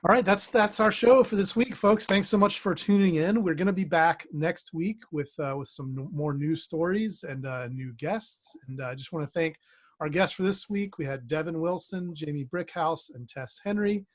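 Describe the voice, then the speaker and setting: A man hosting a streamed storytelling show on a video call, upbeat and relaxed, with a few hesitant fillers. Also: fairly high pitch, moderate pace. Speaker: host.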